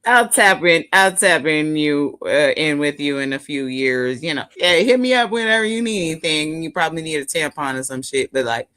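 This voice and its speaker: A woman's voice: low-pitched, animated, normal speed, few pauses, fairly bright tone. A woman from the Bay Area, co-hosting a casual chat, laid-back and slangy, laughing often. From San Francisco Bay Area. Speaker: podcast co-host.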